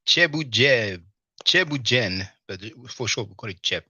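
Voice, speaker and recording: A man with a bright, forceful voice hosts a casual live stream, rambling easily between viewer greetings and asides. He eats while he talks. The sound is dry and a little dull, like lo-fi stream audio. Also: mid-range voice, expressive, measured pace, slightly rough, dry recording. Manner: loose, rambling, full of "you know". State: talking while eating.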